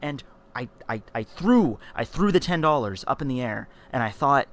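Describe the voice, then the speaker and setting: A man's voice: mid-range voice, normal speed, a little hiss or hum. Man telling a rambling childhood story. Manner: animated, rambling, with frequent fillers and restarts. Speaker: vlogger. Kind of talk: casual storytelling vlog.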